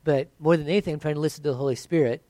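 Guy preaching, kinda high voice, chatty then gets emphatic, dry sound. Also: fairly even intonation, very fast, mellow, dry recording. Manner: conversational preaching, builds to emphatic. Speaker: pastor. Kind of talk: sermon.

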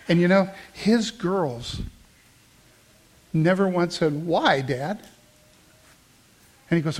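A man preaching a sermon, telling a story and praying, dropping soft for calm quoted lines and rising when he prays. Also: a little high, normal speed. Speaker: pastor. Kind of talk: sermon with closing prayer.

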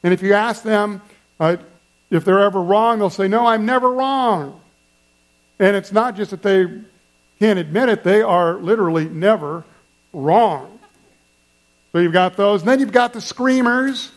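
A man's voice: high voice, normal speed. A man preaching a sermon as pastor, conversational and playful, speaking directly to his congregation. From German family background.

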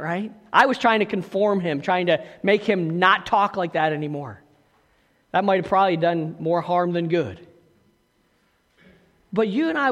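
A man's voice: sits high, a bit bright, in a large hall. A man preaching a sermon as pastor, talking conversationally with asides and questions to the congregation.

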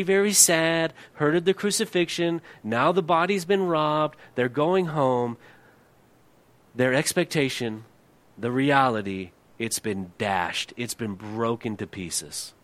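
A middle-aged man, a pastor, preaching a sermon. He asks the congregation rhetorical questions and often drops to a hushed, low voice to drive a point home.

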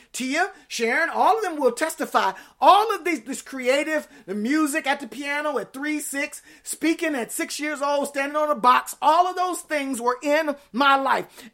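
A woman pastor preaching a sermon, talking in a lively and conversational way and turning to the congregation with playful asides. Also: sits high.

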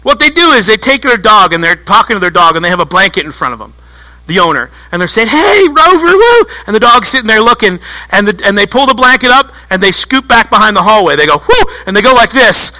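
A man preaching a sermon to a church congregation, telling stories in an animated way and acting out little voices. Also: high voice, fast talker, rough recording. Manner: animated storytelling, acts out voices. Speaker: pastor.

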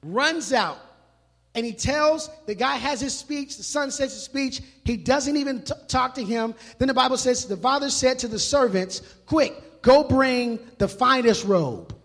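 A male pastor preaching a sermon in a church, animated and emphatic, mixing in casual street slang. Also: very high-pitched, normal speed. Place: church hall. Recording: long reverb of a large hall.

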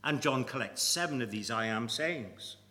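A man preaching a sermon, deliberate and emphatic, with measured pauses. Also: medium pitch, expressive, bright, forceful tone. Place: church. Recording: long reverb of a church hall.

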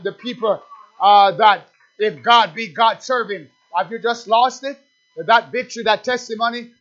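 A man preaching a sermon, emphatic and full of repeated rhetorical questions, building up to near shouting. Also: high voice, muffled recording.

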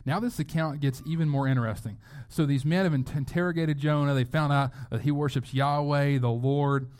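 With a slightly high, a little mellow voice and fairly even intonation, a pastor preaches at a fairly quick pace. His delivery is conversational, with words repeated often along the way.

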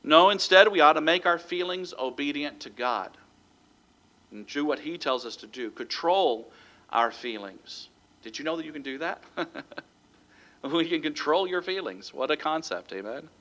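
A man's voice: on the high side, expressive, moderate pace, sharp tone. A man preaching a sermon as pastor, reading scripture and calling out "amen?" to the congregation. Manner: reads scripture aloud and breaks it into numbered points.

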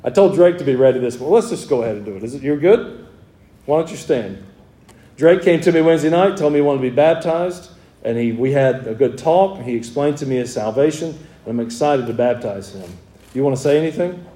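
In an echoey sanctuary, a man in his forties leads his congregation as pastor, alternating between fervent preaching and friendly conversation. He speaks briskly at medium pitch, with lively intonation and a warm tone.

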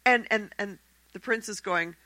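Woman, storyteller, bright tone, dry close sound, expressive fairy-tale telling. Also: mid-range voice, moderate pace, no room sound, low-quality recording. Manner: expressive, acts out the characters' voices. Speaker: storyteller in a church service.

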